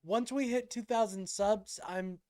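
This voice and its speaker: A man's voice: sits high, a little slow, darkish tone. A man hosting a live stream, reacting to a clip with incredulous, mocking remarks and thinking aloud. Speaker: livestream host.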